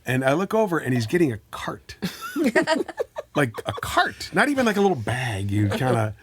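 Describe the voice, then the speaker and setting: A man's voice: medium pitch, normal speed, slightly rough. A middle-aged man from the American Midwest telling a story as a podcast co-host, laughing and acting out the people he quotes. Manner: animated, laughing, acts out quoted voices. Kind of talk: casual storytelling.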